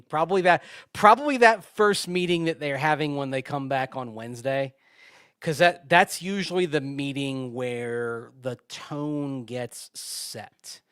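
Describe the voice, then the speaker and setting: A man's voice: fairly high pitch, measured pace, a bit bright, clear, resonant tone, no room sound, clean studio sound. Chatty male sports radio host. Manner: chatty, laughs often, restarts his sentences. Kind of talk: casual sports talk.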